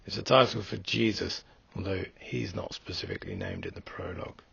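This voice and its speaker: Gravelly low-voiced man teaching. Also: wildly swooping pitch, a little fast, fairly bright tone, no room sound, muffled recording. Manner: methodical, explains step by step. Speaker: Greek teacher. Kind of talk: recorded lesson walkthrough.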